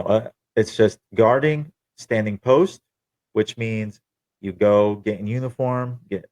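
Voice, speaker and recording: Young man, low voice, dry close sound, casual swearing storyteller. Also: no room sound. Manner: profane, candid, wry. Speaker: podcast host telling his own story.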